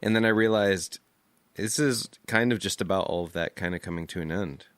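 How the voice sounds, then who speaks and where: A man's voice: low voice, brisk, fairly bright tone, no echo. A man co-hosting a podcast in casual chat, easygoing and asking a lot of questions. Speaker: podcast co-host.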